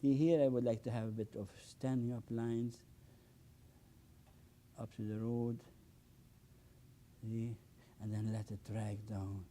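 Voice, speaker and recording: Excitable older man teaching painting. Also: fairly low pitch, measured pace, pauses often, slight background noise. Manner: enthusiastic, exclaims often, repeats words, non-native phrasing. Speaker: painting instructor. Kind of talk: painting demonstration.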